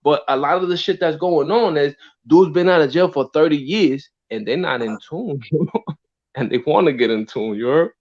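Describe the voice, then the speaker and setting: High-pitched male co-host, animated storyteller, muffled lo-fi podcast audio. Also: moderate pace. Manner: animated storyteller, slips into impressions of others. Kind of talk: casual street-talk podcast chat. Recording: dull lo-fi audio.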